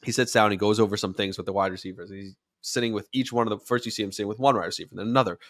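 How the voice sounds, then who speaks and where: A man hosting a show, talking sports in a casual, animated way and rising to near-shouts when he acts out quotes. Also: lowish voice, racing, dry recording, studio quality. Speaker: podcast host and sports radio commentator.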